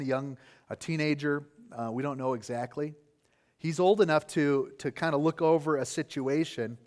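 A man preaching an expository sermon, explaining the text earnestly and asking rhetorical questions. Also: medium pitch.

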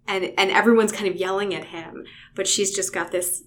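A woman co-hosting a casual book discussion, enthusiastic and expressive. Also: mid-range voice, moderate pace, a little hiss or hum. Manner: enthusiastic, reads passages expressively. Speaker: podcast co-host.

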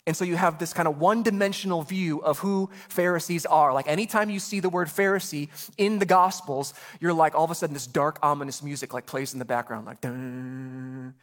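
Animated man preaching a sermon. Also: fairly high pitch. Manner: animated, acts out voices, rapid asides. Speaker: pastor.

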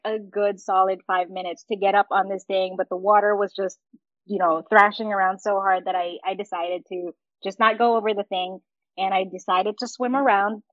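A woman's voice: medium pitch, no room sound, highs cut off. A woman co-hosting a casual podcast, telling a story with frequent laughs and acting out the lines she quotes.

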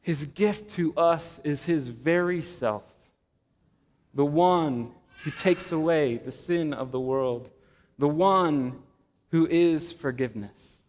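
A man preaching a sermon to a church congregation, slow and measured, with dramatic pauses and swelling emphasis. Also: a little high, darkish tone, slight background noise. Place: church sanctuary. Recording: long reverb of a church hall.

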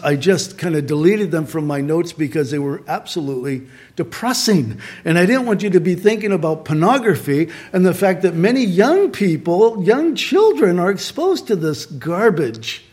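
A middle-aged man preaches in a slightly high voice, earnest and conversational. He slows down to stress his points and talks to his listeners directly as their pastor. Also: husky. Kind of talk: sermon.

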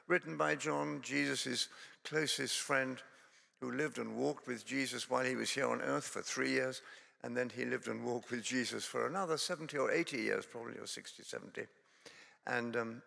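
A Scottish man preaches with a strongly gravelly, bright voice. He talks in a chatty, self-deprecating way, wandering into stories and jokes. The sound carries a long reverb from a church. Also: medium pitch. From Scotland. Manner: conversational, self-deprecating, digressive. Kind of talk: sermon with humorous storytelling.

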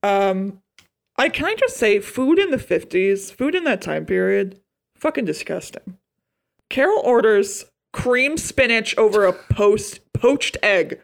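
A woman co-hosting a casual podcast about a film, animated and swearing, with exaggerated disgust. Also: on the high side, unhurried, gravelly. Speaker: podcast co-host.

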